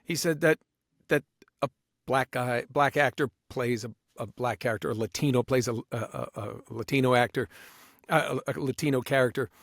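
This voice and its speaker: A man guesting on a podcast as a voice actor, talking in an animated way and slipping into quick voices. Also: mid-range voice, dry recording, clean studio sound. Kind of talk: casual podcast conversation.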